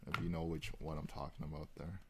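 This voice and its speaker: A man hosting a live card break, calling out pulls and chatting with viewers in a relaxed, rambling way. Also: extremely low pitch, quick pace, noisy background. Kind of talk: casual live-stream chat while opening cards.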